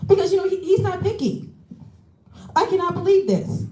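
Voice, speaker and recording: A woman's voice: very high-pitched, moderate pace, dark tone, echoey room, low-quality recording. A woman making an angry, aggrieved public comment at a council meeting, piling up complaints. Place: council chamber.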